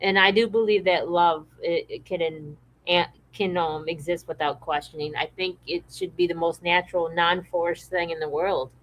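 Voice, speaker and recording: A woman co-hosting a podcast, chatting in a relaxed way and reading viewer comments aloud. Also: on the low side, normal speed, hardly any pauses, low-quality recording. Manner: relaxed and conversational, with frequent restarts. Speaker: podcast co-host.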